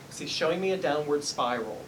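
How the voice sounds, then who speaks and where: A man's voice: a little high, distant mic, background noise. A man working as a psychic medium, giving a live reading in a salon and politely apologizing as he relays messages. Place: hair salon, indoors.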